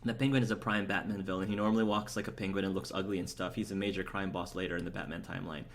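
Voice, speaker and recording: A man with a somewhat low voice talks his way through a video game. He is chatty and eager, answering his viewers and rambling with fillers as he goes. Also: fairly even intonation, racing, slight background noise. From United States. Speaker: let's play host. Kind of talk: casual gameplay commentary, reading chat aloud.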